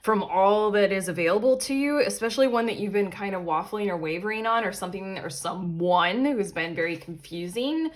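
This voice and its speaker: A young adult woman hosting a casual tarot reading, chatty and animated, often breaking into laughter. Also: mid-range voice, brisk, hardly any pauses. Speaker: tarot reader and channel host.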